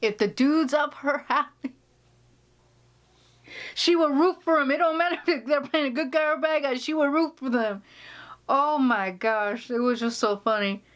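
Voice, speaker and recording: A woman's voice: high-pitched, moderate pace, pauses often. A woman vlogger chatting casually indoors, telling a story with laughs and many restarts. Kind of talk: casual chat. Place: indoor room.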